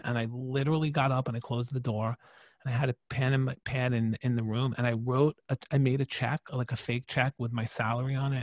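A man in his forties, a podcast guest, telling a personal story with emphatic, animated delivery and frequent restarts. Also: mid-range voice, dry recording.

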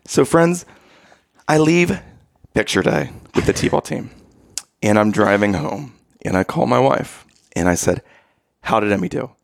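A man with a gravelly, lively voice teases his wife and retells their story. His pitch moves a lot, and the recording is close and dry. He sounds like a casual co-host in his thirties. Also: a little slow, long pauses, no echo. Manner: teasing, playful questioning. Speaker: podcast co-host, youth coach. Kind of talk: casual chat.

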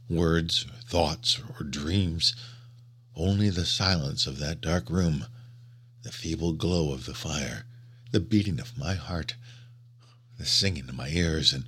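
A man reading a first-person story aloud with dramatic, hushed delivery. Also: low voice, moderate pace, husky. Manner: dramatic, hushed then rising to agitated. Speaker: narrator.

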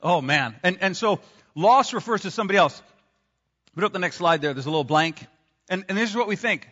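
A man preaching a sermon with a bright, forceful voice set a little high for a man. His animated, conversational delivery carries through a church hall with a long reverb, and the sound is slightly dull. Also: fairly quick. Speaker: pastor.

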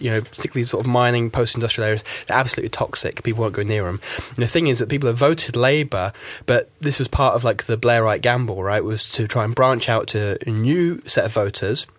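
A man's voice: medium pitch, dry recording. An English man from South Yorkshire with a nondescript accent, giving his views as a guest in a radio studio discussion, rambling with lots of fillers. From South Yorkshire, England. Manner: rambling, heavy fillers like "you know" and "like". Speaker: guest commentator.

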